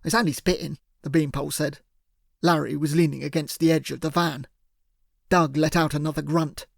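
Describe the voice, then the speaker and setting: Man, audiobook narrator, first person, measured, gravelly voice, slightly high, dry close sound. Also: little pitch movement, no room sound.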